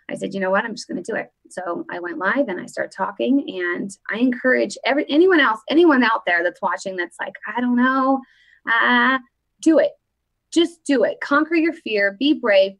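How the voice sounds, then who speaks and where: A woman's voice: medium pitch, fairly bright tone, low-quality recording. A woman hosting her own live political show, chatting casually and upbeat straight to her viewers from her desk. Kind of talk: casual live-stream chat.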